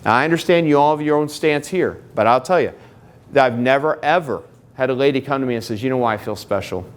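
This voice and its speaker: A man's voice: medium pitch, fast talker. A middle-aged man speaking live to an audience at a marriage seminar, conversational and joking, full of personal anecdotes.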